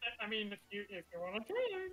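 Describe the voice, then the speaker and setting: A woman's voice: mid-range voice, big pitch swings, fast talker, fairly bright tone, faint music behind, rough recording. Giggly woman running a tabletop game. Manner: giggly, chatty narration with fillers. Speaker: dungeon master.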